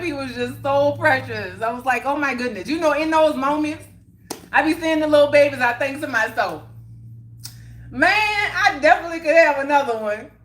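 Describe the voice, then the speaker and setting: Reading out viewer comments on her casual livestream, this woman speaks in a high, somewhat bright voice and laughs a lot. She sounds like either a young adult or a middle-aged mother, and her motivational talk leans preachy about accountability.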